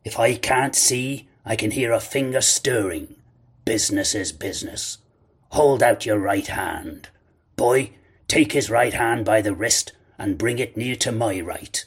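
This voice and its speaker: A man's voice: lowish voice, measured pace, slightly rough. A man voicing a cruel blind old beggar who shifts from a wheedling sing-song to cold menace. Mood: commanding.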